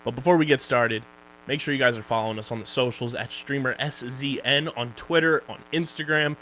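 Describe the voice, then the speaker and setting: A man with a Philadelphia accent co-hosts a casual podcast, joking around and rattling off plugs and sponsor reads. His voice sits at an ordinary middle pitch. A faint hum runs under the recording. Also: fairly quick, sharp tone, low-quality recording. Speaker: podcast co-host.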